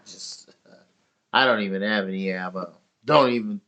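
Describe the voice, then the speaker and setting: A man's voice: on the low side, normal speed, sharp tone, dull audio. A man talking casually on a stream, rambling and swearing as he tells an argumentative story.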